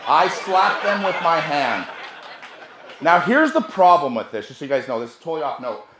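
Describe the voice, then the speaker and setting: A man's voice: on the high side, big pitch swings, moderate pace, echoey room, background noise. Brash profane man telling a story. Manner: brash, profane, swings from hushed asides to loud bursts. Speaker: sales trainer. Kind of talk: seminar storytelling.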